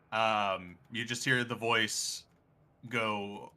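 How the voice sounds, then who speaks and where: A male game master leads a tabletop session in an unhurried, measured delivery. His voice has a bright, forward edge. He describes scenes and calls for dice rolls. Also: on the low side.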